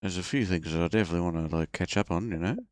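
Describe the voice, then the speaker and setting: A man's voice: low voice, rapid-fire, natural voice. A man putting on a crude Aussie bloke. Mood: blokey. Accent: put-on Australian. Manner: slangy, swearing, drawling. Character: crude laid-back Australian bloke, adult man. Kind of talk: mock-accent bit on a game stream.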